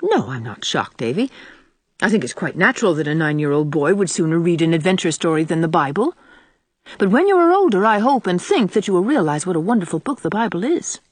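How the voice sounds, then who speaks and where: An earnest young woman from a storybook, as a female reader gives her voice, measured and gently reproving. The voice sits fairly low but moves lively through its phrases, heard close and dry. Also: slightly rough, no echo. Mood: gently firm.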